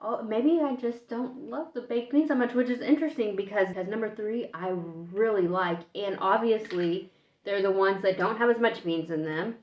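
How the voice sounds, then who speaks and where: A woman's voice: mid-range voice, moderate pace, darkish tone. Chatty woman vlogging in an echoey room. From United States. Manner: chatty, thinking aloud while tasting. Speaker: food vlogger. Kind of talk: casual taste-test vlog. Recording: echoey room, dull lo-fi sound.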